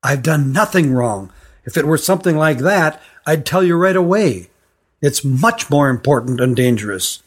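A man's voice: on the high side, lively intonation, moderate pace, slightly rough. A man voicing Jeelan, a frightened urgent youth. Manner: urgent, hushed. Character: frightened, urgent older boy on the run. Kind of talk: storybook reading.

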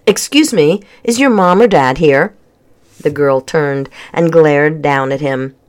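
A reader calmly narrating a children's storybook chapter aloud at a measured pace. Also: medium pitch. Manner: calm, measured reading.

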